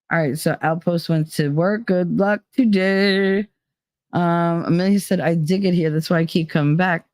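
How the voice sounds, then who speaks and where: A woman from New Jersey with a New Jersey accent, chatting casually on a live stream, reading out her chat and answering it in a blunt, animated way with plenty of swearing. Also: on the low side, dry recording, studio quality.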